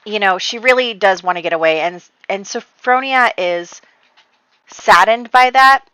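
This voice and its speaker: A woman's voice: mid-range voice, bright, forceful tone, clean tone, no echo, low-quality recording. A woman casually recapping her Sims story, chatty and full of "like", quoting her characters as she goes. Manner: chatty, quotes characters in quick voices, lots of "like". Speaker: Sims gameplay narrator.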